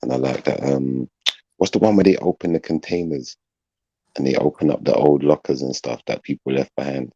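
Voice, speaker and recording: A man's voice: a bass voice, a little fast, dark tone, slightly rough, no echo, muffled recording. A man from England chatting casually on a panel, rambling and laughing often.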